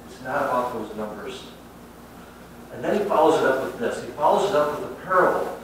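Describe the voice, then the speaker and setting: A man preaching a sermon in a conversational and emphatic way, often swinging between quiet asides and loud stresses. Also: fairly quick, far from the mic, slight background noise. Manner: conversational and emphatic, with lively swings of pitch and loudness. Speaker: pastor. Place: church sanctuary. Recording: very echoey hall from afar.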